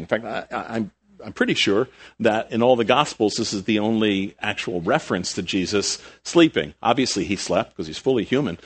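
A middle-aged man preaching a conversational sermon, with sudden rises in emphasis and quiet drops. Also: mid-range voice. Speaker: pastor.

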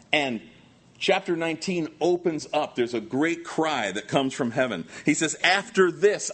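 A man preaching a sermon, swinging between loud shouting and hushed low tones, reading scripture slowly and with stress. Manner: reads scripture aloud with slow stressed delivery. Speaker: pastor.

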